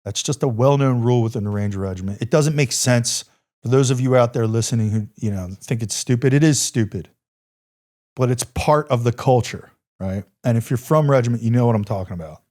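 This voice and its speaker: A middle-aged former Army Ranger, a guest on a podcast, tells a war story with intense, emphatic delivery, repeating phrases and swearing freely and bluntly. His voice is medium-pitched, a little mellow, and a little fast.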